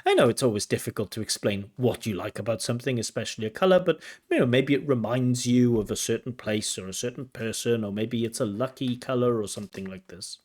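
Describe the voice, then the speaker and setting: A man's voice: mid-range voice, a little mellow. Male examiner with a mid-range voice, reviewing a test and pointing out errors patiently. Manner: explanatory, corrective, pauses to replay and comment. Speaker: IELTS examiner giving feedback. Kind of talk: spoken feedback commentary.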